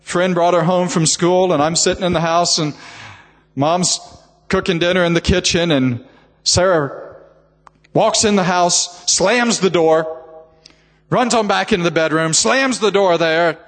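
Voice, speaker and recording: A man's voice: sits high, measured pace. An older man preaching a sermon, telling a heartfelt family story with emotion and repeated words. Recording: reverberant hall.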